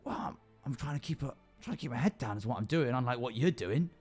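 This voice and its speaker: A man's voice: mid-range voice, animated, fast, a little mellow, husky, faint music behind. A man voicing a scrappy, hungry little male goblin who talks in a cheeky, wheedling way, bargaining for food. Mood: hushed. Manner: cheeky, wheedling, deal-making.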